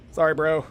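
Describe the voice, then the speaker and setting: Young man, game streamer, casual slangy chat, excitable rambling, slightly high voice, faint background noise.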